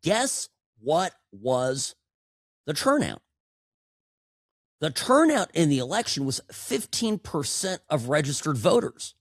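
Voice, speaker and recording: A man's voice: fairly high pitch, big pitch swings, slow, dry recording. A man hosting a political talk podcast, delivering a sarcastic monologue that often stumbles and repeats words, into a studio microphone. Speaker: podcast host.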